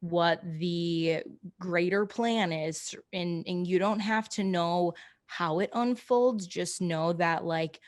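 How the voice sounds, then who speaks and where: A woman talking casually on a podcast in a lowish voice, recorded dry and close with no room sound. She speaks frankly and loosely, swearing now and then. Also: slow, no room sound.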